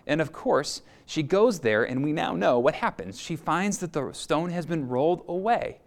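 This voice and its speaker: A man preaching a sermon, retelling a story in a lively, expressive storytelling manner. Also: medium pitch. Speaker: pastor.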